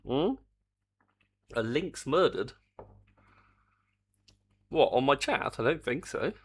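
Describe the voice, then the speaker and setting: A man's voice: medium pitch, lively intonation, takes it slowly, slightly rough. Chatty older man streaming. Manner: chatty, reads chat aloud, mild swearing. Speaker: game developer streaming live. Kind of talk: casual live-stream chat.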